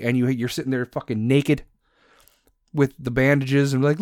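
A man's voice: mid-range voice, steady tone, moderate pace, a little mellow, dry recording, clean studio sound. A man delivering a heated, sarcastic monologue full of swearing. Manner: mocks others in put-on voices. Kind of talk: profane ranting monologue.

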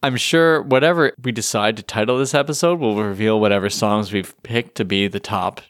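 Man, podcast co-host, casual chat, joking, low voice, dry sound. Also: a little fast, a bit bright, no echo.

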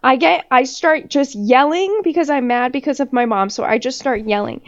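A woman with a high voice chats casually on a podcast, spinning a story full of swearing and laughter. The recording is dull and lo-fi. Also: moderate pace. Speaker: podcast co-host. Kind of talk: casual chat.

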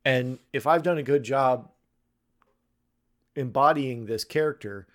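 A man who runs tabletop games, chatting casually on a podcast and often stopping to restart his thoughts. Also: medium pitch. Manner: halting, full of restarts. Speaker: tabletop game master.

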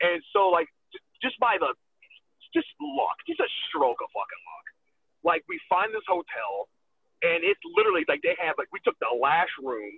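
Animated gravelly man on a phone line. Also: high voice, moderate pace, a little hiss or hum. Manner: animated, profane, laughs often, acts out quotes. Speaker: wrestler guest. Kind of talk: casual storytelling. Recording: tinny phone-line sound.

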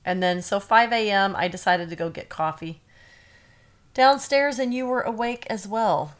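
A woman's voice: medium pitch, normal speed. A woman co-hosting a podcast from her bedroom, chatting and telling stories in an easygoing way. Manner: chatty, storytelling. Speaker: podcast co-host. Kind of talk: casual chat. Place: bedroom at home.

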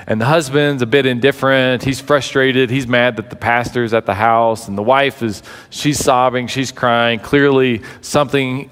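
A man preaching a sermon as a pastor, telling stories with lively, acted-out quotes. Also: medium pitch. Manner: animated storyteller acting out quoted voices. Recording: long hall reverb.

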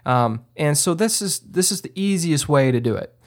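A man's voice: a little high, expressive, normal speed. A man hosting a podcast, explaining filmmaking in a loose, conversational way and acting out what he tells people on set. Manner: conversational, many fillers and restarts, acts out his own directions. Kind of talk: casual instructional talk.

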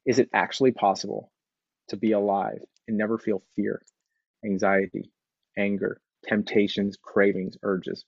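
A man with a lowish voice gives an earnest motivational talk, leaning on repetition to drive his points home. The sound is dry and a little dull, with no room around it. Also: flat delivery, normal speed, vocal fry, breathy edge, no echo. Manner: earnest, conversational, repeats phrases for emphasis. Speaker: speaker sharing recovery story.

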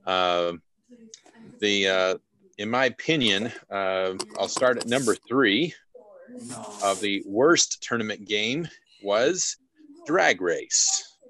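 A man's voice: on the low side, lively intonation, takes it slowly, pauses often, bright, forceful tone, slight background noise. A man co-hosting an arcade podcast, methodically going through a ranked list with many ums and uhs. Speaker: podcast co-host. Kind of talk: casual chat.

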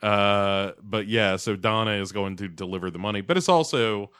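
A man co-hosting a podcast, recapping an episode in a halting way with many fillers and chuckles. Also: on the low side, fairly bright tone, smooth, no echo, studio quality. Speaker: podcast co-host.

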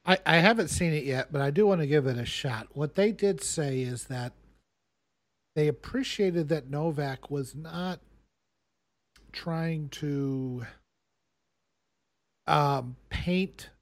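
A man casually chatting about films as a podcast co-host, earnest and explaining at length with halting restarts. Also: fairly high pitch, no echo.

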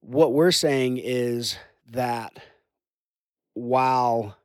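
A man's voice: mid-range voice, very slow, a little mellow, no echo. A man, a youth pastor, talking in an earnest conversation that drifts into preaching. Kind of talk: casual conversation.

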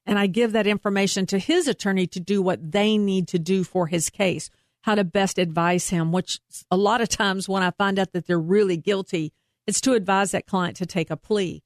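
A woman's voice: medium pitch, fairly even intonation, moderate pace, dry recording, clean studio sound. A woman working as a private investigator, talking earnestly and emphatically as a guest in an interview. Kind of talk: interview conversation.

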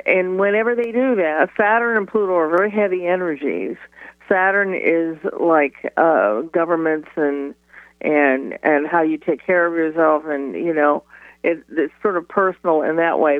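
A woman astrologer, a guest on a radio interview by phone, chatty and quick to laugh, with many restarts. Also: sits low, dry recording. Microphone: telephone. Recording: tinny phone line.

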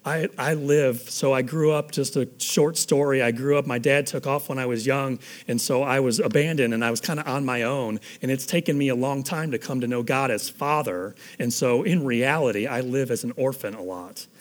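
A man's voice: mid-range voice, normal speed, hardly any pauses. Earnest, conversational male pastor. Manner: earnest, conversational, grows soft and hushed toward the end. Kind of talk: sermon.

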